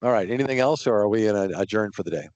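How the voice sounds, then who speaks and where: A man's voice: fairly low pitch, racing, dry recording, lo-fi sound. Easygoing middle-aged man teaching a webinar. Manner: relaxed, talks through worked number examples. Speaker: software trainer. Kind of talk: casual training webinar.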